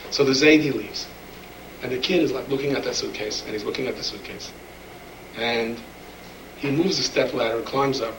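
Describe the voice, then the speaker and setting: A preacher with a medium pitch speaks at normal speed, pausing often, as he tells sermon stories and animatedly acts out the voices of the people in them. He's far from the mic in an echoey room, with a little hiss or hum.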